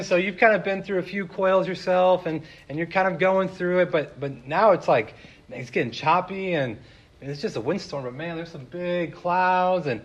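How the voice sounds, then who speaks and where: Man, preacher, casual storytelling, husky, fairly high. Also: fairly bright tone, dull audio. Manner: casual storytelling, many fillers. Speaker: pastor. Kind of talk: sermon.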